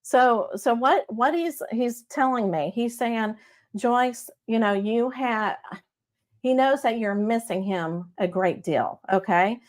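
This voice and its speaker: A middle-aged woman with a Texas accent, a medium hosting a casual live-stream reading. She talks in a chatty, warm-hearted way and often checks in with "okay?". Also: a little high, lively intonation, unhurried, few pauses. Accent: Texan. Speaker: psychic medium host.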